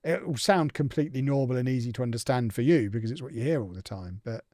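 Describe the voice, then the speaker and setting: A man's voice: mid-range voice, lively intonation, fast, a little mellow, dry recording, clean studio sound. Chatty English man streaming a game. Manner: chatty, reflective, reacts aloud to the game. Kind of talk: casual live-stream chat while gaming.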